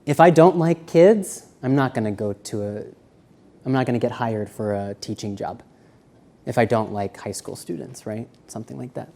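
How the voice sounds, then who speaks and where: Man, seminar lecturer, mellow voice, animated delivery, walking around, university seminar room. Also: medium pitch, normal speed, gravelly. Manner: animated, shifting between quiet and loud. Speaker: seminar presenter.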